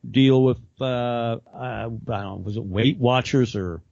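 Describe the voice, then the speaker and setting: A man's voice: medium pitch, measured pace, gravelly, no room sound. Rambling man podcast co-host, dull dry sound. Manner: rambling, laughing, quoting others in animated voices. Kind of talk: casual chat.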